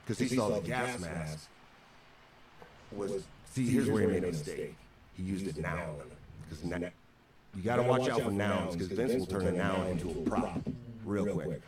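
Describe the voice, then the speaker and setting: Interview guest, male, low voice, wry and exasperated storyteller, echoey and far off with loud game noise behind. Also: moderate pace, long pauses, crowd noise. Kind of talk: storytelling anecdote. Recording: echoey distant replay from a stream.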